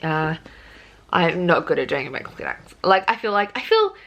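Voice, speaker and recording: A woman's voice: lowish voice, very animated, a little fast, gravelly, a bit bright, highs cut off. A young Australian woman chatting casually about new books for her vlog, rambling with plenty of ums and restarts. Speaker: book vlogger. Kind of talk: casual book haul vlog.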